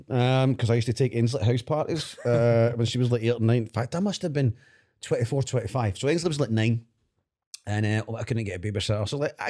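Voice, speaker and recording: A Scottish man co-hosting a podcast, chatting casually as an animated storyteller who laughs often and swears. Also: medium pitch. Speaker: podcast co-host. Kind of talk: casual chat.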